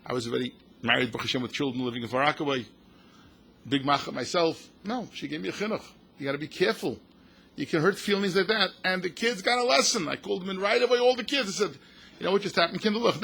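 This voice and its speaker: An older American rabbi tells stories with passion in a synagogue event hall, his voice high, fast and slightly rough with vocal fry. He's an animated storyteller who acts out quotes and sprinkles in Yiddish and Hebrew words.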